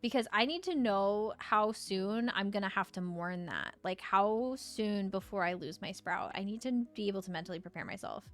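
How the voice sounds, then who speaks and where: A bubbly young woman chatting through a live game stream, giggling often and reading viewer messages aloud. Her voice sits at an ordinary pitch, with soft game music faint behind her. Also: normal speed, few pauses. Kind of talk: casual live-stream chat while gaming.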